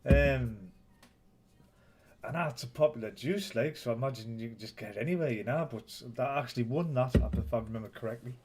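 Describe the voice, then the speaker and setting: Speaking briskly in a mid-range voice with a darkish tone, a Northeast English man runs a laid-back live stream. He rambles along, joking with and teasing his viewers.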